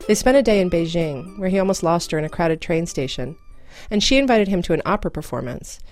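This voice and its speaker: A woman narrates a scripted radio story with a measured, even delivery. Her voice sits slightly low. A soft music bed plays faintly underneath.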